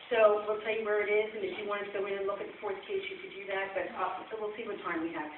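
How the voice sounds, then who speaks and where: A woman's voice: medium pitch, level tone, fast. A woman presenting nursing case studies at a convention session and quizzing the audience as she goes. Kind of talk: conference talk. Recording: echoey hall from far off, phone-like and noisy.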